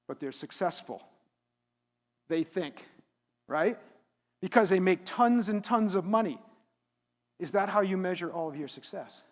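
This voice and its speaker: A middle-aged man giving a live motivational keynote at a conference, animated and asking the audience questions. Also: sits high, a little slow, long pauses. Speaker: keynote speaker. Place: conference hall. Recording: reverberant hall.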